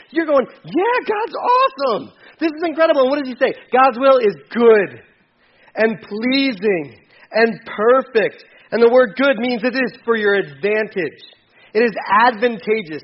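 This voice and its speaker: Animated high-voiced male preacher. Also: husky, lo-fi sound. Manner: animated preaching, acting out voices with sharp pitch jumps. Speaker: pastor. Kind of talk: sermon.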